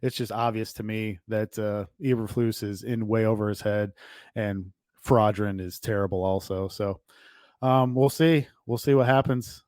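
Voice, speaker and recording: A man's voice: fairly low pitch, fairly even intonation, measured pace, darkish tone, no room sound. Brief: male panelist, wry chatty football picks, filler-heavy, dry mic. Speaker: podcast panelist. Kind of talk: casual sports chat.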